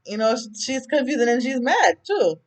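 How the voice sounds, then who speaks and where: A woman's voice: high-pitched, big pitch swings, moderate pace. Chatty woman rambling through a TV recap. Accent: Jamaican. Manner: chatty, rambling, goes off on tangents; acts out characters' lines while retelling. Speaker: TV recap vlogger. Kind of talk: casual episode recap.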